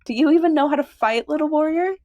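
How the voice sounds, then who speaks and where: A calm, commanding she-cat clan leader, voiced by a woman in a fan-made cat movie. She speaks in a measured way, a little higher than most women. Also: dull audio, natural voice.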